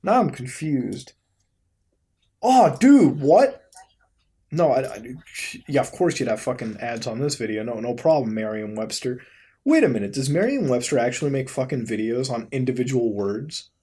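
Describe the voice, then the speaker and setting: A young man hosting a video, giving casual commentary as he browses websites, swearing, laughing and reacting in disbelief, swinging between mumbles and sudden loud outbursts. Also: mid-range voice, animated, normal speed, slightly rough. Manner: profane, incredulous, laughs often. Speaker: YouTube host.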